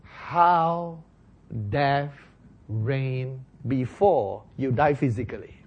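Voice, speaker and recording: Slow, emphatic male preacher. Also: on the high side, animated, slightly rough, muffled recording. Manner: slow, emphatic, rising to loud stresses on key words; asks the listeners questions. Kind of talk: sermon with Bible exposition.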